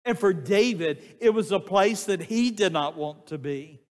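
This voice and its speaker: An older man preaching a sermon, slow and emphatic, putting questions to the congregation. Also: sits high, lively intonation. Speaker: pastor. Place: church sanctuary. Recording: long church reverb, voice sometimes off mic.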